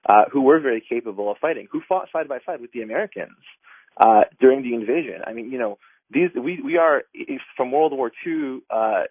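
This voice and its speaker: A mid-range voice with a breathy edge belongs to an advocacy group director being interviewed on radio by telephone. The recording is dry and tinny, and he comes across as earnest, often restarting and leaning on fillers.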